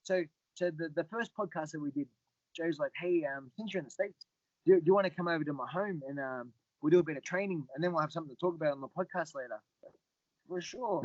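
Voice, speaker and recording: A middle-aged man telling stories as a podcast guest, often repeating words and getting animated when he quotes other people. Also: fairly high pitch, fast, no echo, highs cut off. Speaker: guest, Muay Thai fighter. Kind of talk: casual storytelling interview.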